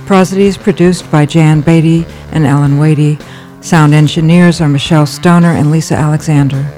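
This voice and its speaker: A woman's voice: sits low, fairly even intonation, a little fast, mellow, soft background music. A woman hosting a literary radio program, introducing readers and closing the show in a polished announcer manner.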